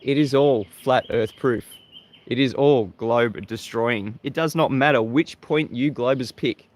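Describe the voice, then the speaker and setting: Greeting his audience in a live-stream monologue, the Australian host laughs a lot as he makes fun of the people who criticize him. He speaks at a medium pitch and a somewhat slow pace.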